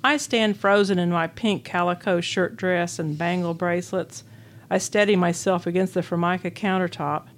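An older woman from Illinois, USA, appears as a guest author reading her own memoir essay aloud. Her lowish voice holds a steady tone at a moderate pace, and her storytelling is wistful and wry.

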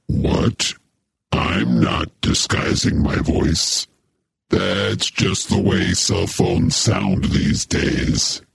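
A gravelly whispering mystery caller. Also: male voice, deep voice, drawn-out words, full character voice. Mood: defensive. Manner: urgent, secretive. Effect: phone call. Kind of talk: audio drama acting.

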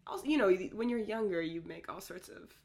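A woman's voice: mid-range voice, gravelly, darkish tone. Joking Canadian woman comedian. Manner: playful, quick jokes and goofy voices. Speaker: guest comedian. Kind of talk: casual interview chat.

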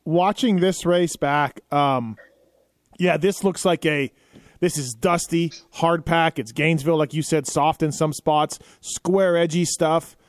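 A man's voice: fairly high pitch, steady tone, unhurried, dry recording, studio quality. A man co-hosting a podcast, prompting the guest in a casual, laid-back chat. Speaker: podcast co-host.

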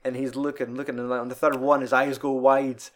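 A young man talks through a favorite film in relaxed podcast chat. He swears freely and laughs while retelling scenes. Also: medium pitch, brisk. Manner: sweary, laughing, quotes film lines in put-on voices.

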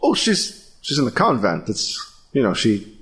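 A man's voice: medium pitch, huge pitch swings, measured pace, fairly bright tone. A jittery townsman hiding out in a tavern, talking in a put-on British accent. He stammers and hedges through every sentence with plenty of ums, as a man voices him in a tabletop game. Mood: nervous. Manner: hesitant, stammering, full of ums. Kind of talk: tabletop role-play, recorded remotely.

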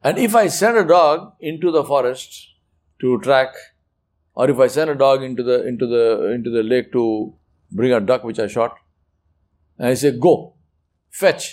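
Male preacher, lively emphatic delivery with acted-out asides. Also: mid-range voice, moderate pace. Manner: animated, emphatic, acts out quoted speech. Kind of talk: religious talk.

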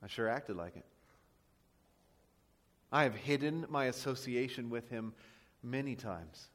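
A man preaching a sermon as pastor, with a booming voice that swings between loud and quiet. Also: lively intonation, measured pace, in a large hall. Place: church sanctuary.

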